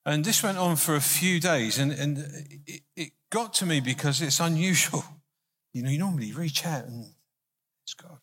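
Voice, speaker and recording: A man's voice: on the high side, moderate pace, a bit bright, breathy edge. A male minister giving an informal, conversational sermon, often restarting his sentences. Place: church hall. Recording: hall reverb.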